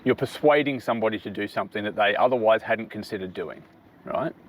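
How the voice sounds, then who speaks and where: A man's voice: fairly low pitch, fast talker. A middle-aged man casually giving business advice to his daughter, explaining step by step and often asking "right?" to check she follows.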